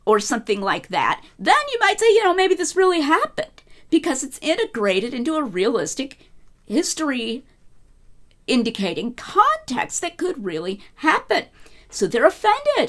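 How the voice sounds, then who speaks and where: A woman's voice: a little high, wildly swooping pitch, moderate pace, fairly bright tone. A middle-aged woman giving an informal scholarly lecture, talking in a conversational way with frequent fillers and restarts.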